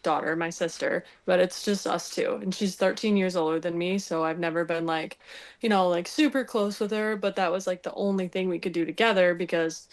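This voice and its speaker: Animated young woman telling a story. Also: fairly low pitch, fairly quick. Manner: animated, laughing storyteller acting out quotes. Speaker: podcast guest telling a hunting story. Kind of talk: casual storytelling.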